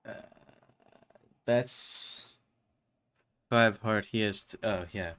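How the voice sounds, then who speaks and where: A man's voice: fairly low pitch, big pitch swings, slow, pauses often, fairly bright tone. A man streaming a game, chatting to viewers in a rambling, self-mocking way. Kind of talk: casual live-stream chatter.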